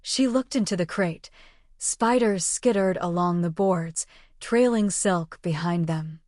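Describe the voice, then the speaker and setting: A woman reading passages from a submitted manuscript aloud in a steady, even way. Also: fairly low pitch, slow, no echo, clean studio sound. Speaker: manuscript reader.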